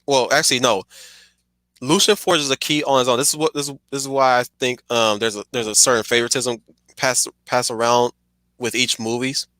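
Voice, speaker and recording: A man's voice: medium pitch, sharp tone, no room sound. A man streaming a casual, rambling film commentary, stuttering and restarting his sentences often.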